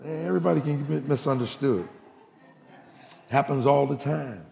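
A man's voice: moderate pace, gravelly. A male preacher delivering a humorous, folksy sermon, telling stories and acting out the people in them. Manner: folksy, animated, jumps into high voices for quoted characters. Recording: echoey hall.

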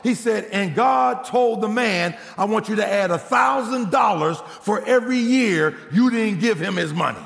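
A male pastor telling a story in a sermon, acting out the voices in the dialogue with big swings in pitch. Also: normal speed, vocal fry, hardly any pauses, fairly bright tone, big-room sound, faint music behind.

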